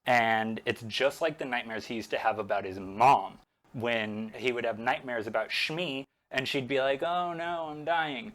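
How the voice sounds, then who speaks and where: A man's voice: medium pitch, normal speed, a bit bright. Joking man rambling while painting. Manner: joking, rambling, self-interrupting. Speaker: painting vlogger. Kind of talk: casual comedic movie recap while painting.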